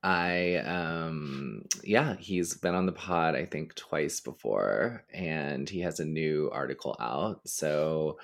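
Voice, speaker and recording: A man co-hosts a casual podcast in a put-on, low-key radio voice. His speech sits very deep and carries a gravelly vocal fry. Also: slow, few pauses. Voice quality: gay voice with heavy vocal fry. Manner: putting on a low, subdued radio voice. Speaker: podcast co-host. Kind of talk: casual chat.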